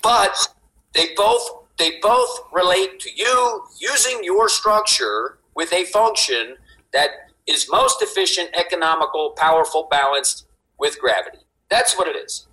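Animated man explaining with big emphasis. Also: sits high, a little slow, rough recording. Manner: animated, emphatic, swears, repeats "right?". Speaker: guest, fitness inventor. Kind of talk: energetic podcast explanation.

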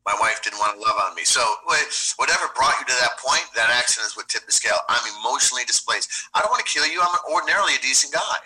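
A man's voice: mid-range voice, sharp tone, poor audio. A man talking as a self-defense instructor in a casual interview, blunt, streetwise and profane.

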